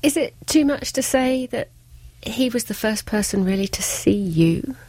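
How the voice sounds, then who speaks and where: A woman interviewer asking gentle, probing questions and narrating. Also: a little high, animated, unhurried, no room sound.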